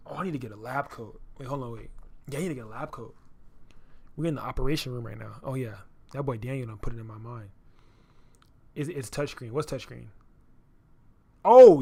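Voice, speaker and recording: A young man photographer chatting loosely on his live stream while he edits, full of slang and repeated phrases. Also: mid-range voice. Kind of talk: casual live-stream chat.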